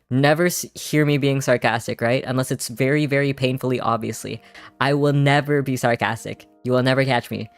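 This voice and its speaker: A man streamer in casual, rambling chat, animated and joking, swearing freely as he introduces himself. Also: medium pitch, creaky. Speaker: virtual streamer.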